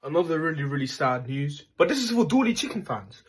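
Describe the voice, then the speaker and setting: A man hosting a parody news show, reading stories in a deadpan style and stumbling over his words. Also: fairly high pitch, a little fast. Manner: deadpan, stumbling mock-newsreader delivery. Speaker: host.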